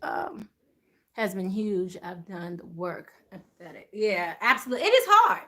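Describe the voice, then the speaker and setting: A woman's voice: mid-range voice, normal speed. A woman hosting a casual livestream, telling a story with lots of laughter and answering viewer comments. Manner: animated, laughing, reads viewer comments aloud. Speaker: spiritual livestream host.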